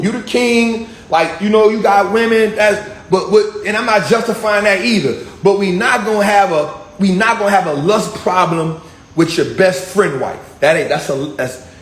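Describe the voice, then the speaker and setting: A man giving a casual, slangy street-style sermon on his vlog. He talks animatedly, repeating phrases and checking in with his listeners. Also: high voice. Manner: animated, repetitive, slangy and conversational. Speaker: vlogger preaching. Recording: echoey room, faint ambient hum.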